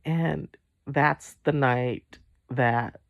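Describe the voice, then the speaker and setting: Home vlogger, rambling and profane, gravelly voice, dry room. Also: medium pitch, extremely slow, no room sound, dull audio. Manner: rambling, profane, many restarts. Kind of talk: casual storytelling monologue.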